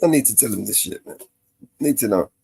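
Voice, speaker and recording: Co-hosting a casual live panel stream, a man rambles bluntly, swearing freely and using lots of fillers. His voice is lowish, expressive and brisk, gravelly and warm with a breathy edge, and there is no room sound.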